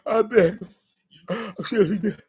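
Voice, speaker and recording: A man putting on a rambling, tearful, self-pitying young man in a satirical impression monologue on his vlog, stammering through repetitions and drawn-out pleading. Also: high-pitched, a little mellow, husky. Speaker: vlogger.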